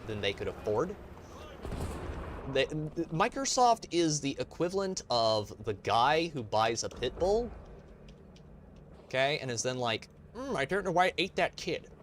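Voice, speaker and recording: A man streaming a game, ranting and swearing in casual, profane commentary. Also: mid-range voice. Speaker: gaming streamer. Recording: noisy background.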